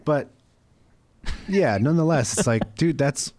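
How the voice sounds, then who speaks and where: A man's voice: fairly high pitch, lively intonation, unhurried, darkish tone. A man co-hosting a casual podcast, making points in a blunt, matter-of-fact way. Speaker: podcast co-host.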